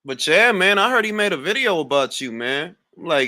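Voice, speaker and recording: A man's voice: high voice, sing-song, fairly quick, few pauses, bright, forceful tone, no echo, clean studio sound. A man hosting a boxing livestream in casual, slangy chat and laughing often.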